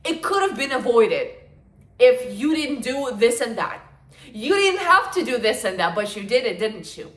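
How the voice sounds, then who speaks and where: A woman's voice: fairly high pitch, big pitch swings, normal speed, fairly bright tone. A woman in her twenties chatting casually and gushing about books, her talk full of fillers. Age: 20s. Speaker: book vlogger. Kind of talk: casual chat. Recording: echoey room.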